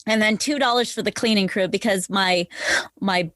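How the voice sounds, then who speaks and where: A woman's voice: mid-range voice, moderate pace, a bit bright, dry recording, clean studio sound. A woman guest on a podcast chatting frankly and laughing often, joining over a video call. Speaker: podcast guest, former dancer. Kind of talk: casual interview chat.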